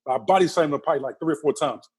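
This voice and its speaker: A man's voice: on the high side, rapid-fire, a little mellow, slightly rough. A middle-aged man, a guest in a casual interview, telling vivid stories full of repeated phrases and acted-out voices. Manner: vivid, repeats phrases, acts out the people in his story. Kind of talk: animated storytelling in a casual interview.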